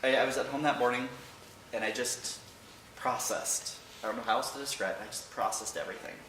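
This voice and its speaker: A man giving an emotional personal remembrance of his late father to a church congregation, halting at times but with wry humor. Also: mid-range voice, fairly even intonation, a bit bright, distant mic, a little hiss or hum. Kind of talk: personal storytelling speech. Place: large church hall. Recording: echoey hall, picked up from afar.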